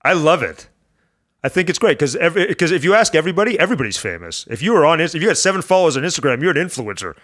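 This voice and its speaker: Man guest, lively talker, bright and fast, slips into voices. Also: fairly high pitch. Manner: animated storyteller, jumps into funny voices. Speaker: podcast guest. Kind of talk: casual chat.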